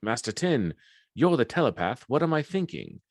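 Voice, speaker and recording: A man's voice: medium pitch, very animated, moderate pace, no room sound, studio quality, pitched above the performer's own voice. A man voicing a scheming old male Sith lord who pleads in a whiny, mock-innocent way. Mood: taunting.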